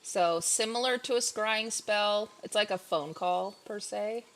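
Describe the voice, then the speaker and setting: A woman's voice: mid-range voice, a little slow, a bit bright. A woman narrating as game master in a casual, chatty way full of fillers.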